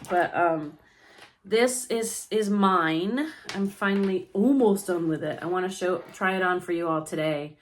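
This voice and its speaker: Lady rambling to her viewers, lowish voice, lots of ums and restarts. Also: slight background noise. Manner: rambling, many fillers and restarts. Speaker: yarn shop owner and crafting vlogger. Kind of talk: casual chat to viewers. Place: indoors at home.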